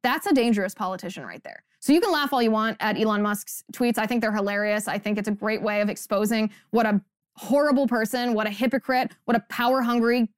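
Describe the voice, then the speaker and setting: A woman's voice: a little high, fast talker, smooth, no echo, studio quality. A woman hosting a podcast, delivering an emphatic, indignant and sarcastic political commentary monologue. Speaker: podcast host.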